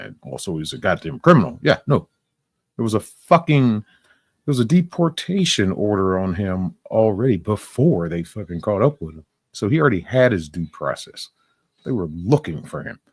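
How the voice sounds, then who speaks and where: A man with a low voice hosts the chat and cuts in bluntly, cursing freely and arguing hard. His delivery swings widely up and down, and his voice sounds dry and close. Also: animated, moderate pace, gravelly, husky, no echo. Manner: profane, combative, blunt. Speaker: podcast host. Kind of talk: casual opinion chat.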